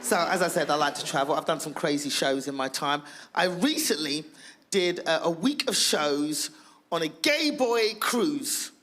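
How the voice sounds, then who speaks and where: Woman doing standup, loud brash and sweary, bright sharp voice, acts out bits. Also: low-pitched, expressive, measured pace. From England. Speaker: stand-up comedian. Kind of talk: stand-up comedy.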